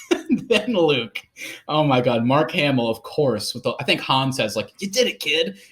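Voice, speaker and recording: A man's voice: mid-range voice, lively intonation, a little slow, fairly bright tone. Rambling, laughing male podcast co-host. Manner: rambling, laughing, many fillers. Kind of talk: casual film discussion.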